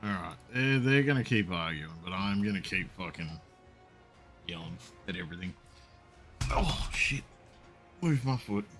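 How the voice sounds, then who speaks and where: While streaming a video game, a man chats in a laid-back way and swears freely as he plays. His voice sits low and slightly bright, animated but a little slow with long pauses, and faint music plays behind him.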